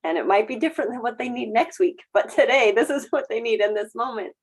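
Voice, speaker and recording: A middle-aged woman host in casual conversation, speaking earnestly and reflectively, with brighter quoted asides. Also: fairly high pitch, animated, fast, slightly rough.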